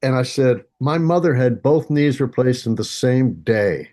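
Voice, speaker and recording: A man in his sixties tells a personal story on a video call, at an ordinary middle pitch. He jokes at his own expense, slips into little voices for other people, and laughs through his telling. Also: expressive, unhurried, warm tone. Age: 60s. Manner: humorous, self-mocking, acts out voices, laughs often. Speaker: senior yoga teacher.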